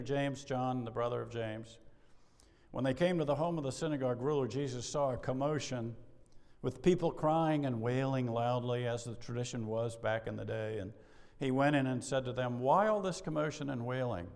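A middle-aged male pastor delivers a sermon with lively energy, slipping into acted dialogue and chuckling as he goes. His voice sits in a middle register. It carries a long reverb tail, as if recorded in a large sanctuary. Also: mid-range voice, moderate pace. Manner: animated preacher, acts out dialogue, laughs often.

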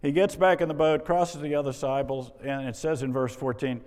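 A man's voice: a little high, moderate pace. Man preaching a wry sermon. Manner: lively, wry, exasperated asides and rhetorical questions. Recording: long reverb of a large hall.

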